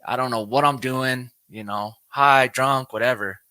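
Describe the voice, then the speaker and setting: A man in his thirties talks loosely and at length, leaning on filler phrases as he recounts his past. His voice is bright and forceful. The sound is dry and close, with no room echo. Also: medium pitch, measured pace, clear, resonant tone. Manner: relaxed, rambling, says "you know what I mean" a lot. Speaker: podcast co-host sharing his recovery story. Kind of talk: casual conversation.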